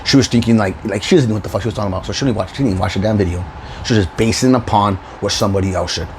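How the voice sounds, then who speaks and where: A man's voice: lowish voice, rapid-fire, slight background noise, low-quality recording. A man hosting his own video channel, delivering a profane, confrontational rant with frequent laughs. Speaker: YouTube channel host. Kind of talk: ranting vlog monologue.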